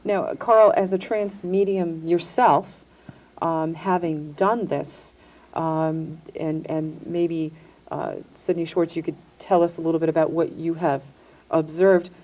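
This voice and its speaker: Woman host with a mellow, lowish voice. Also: steady tone. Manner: halting, searching questions. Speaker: talk show host. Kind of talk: interviewing guests.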